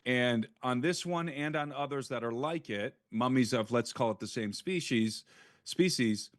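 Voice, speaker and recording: A man's voice: medium pitch, measured pace, dry recording, clean studio sound. A man speaking as an interview guest, giving an earnest, frank first-hand account in conversation.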